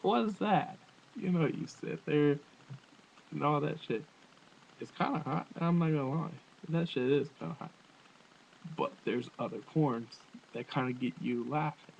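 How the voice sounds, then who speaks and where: A man's voice: fairly high pitch, unhurried, gravelly. A man giving a crude, rambling comedic rant into his webcam, often laughing. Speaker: vlogger. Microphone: webcam microphone. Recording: dull webcam audio with faint hiss.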